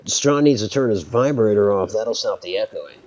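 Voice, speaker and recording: A man's voice: fairly low pitch, expressive, normal speed, darkish tone, dull audio. A man streaming a pirate game, chatting casually with a friend, joking, swearing freely and laughing often. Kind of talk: casual chat while gaming.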